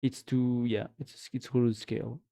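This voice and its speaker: A man's voice: mid-range voice, level tone, normal speed, vocal fry, dark tone. A man with a French accent chatting casually on a live stream, rambling and reading chat aloud; French is his first language. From France.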